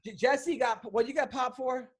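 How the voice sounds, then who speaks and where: A man's voice: extremely high pitch, moderate pace, slightly rough. A man hosting a casual podcast, prodding his guests with joking questions. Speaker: podcast host.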